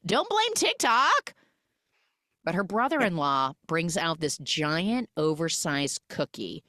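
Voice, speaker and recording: A woman hosts a podcast and recaps a film with biting sarcasm. Her voice sits a little low but leaps up and down with animated swings. The sound is dry and close, with no room around it. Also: no echo. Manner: sarcastic, animated, mimics characters in exaggerated voices. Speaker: podcast host.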